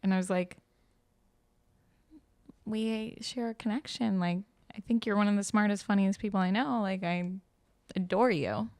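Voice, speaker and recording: A woman's voice: medium pitch, fairly quick, darkish tone, no room sound. A young woman chatting on a podcast, telling a story with animation and acting out the quotes. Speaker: guest host. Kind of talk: casual podcast chat.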